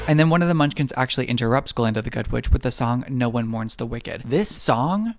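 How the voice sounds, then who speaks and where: A man's voice: mid-range voice, expressive, very noisy. A man giving a comedic, sarcastic movie recap, slipping into put-on voices for the characters. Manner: sarcastic, rapid-fire jokes with put-on quote voices.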